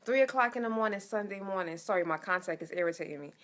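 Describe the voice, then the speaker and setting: A woman's voice: mid-range voice, expressive, fast talker. A young adult woman sharing a personal faith testimony as a motivational speaker, earnest and often repeating phrases and restarting. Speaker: motivational speaker and life coach.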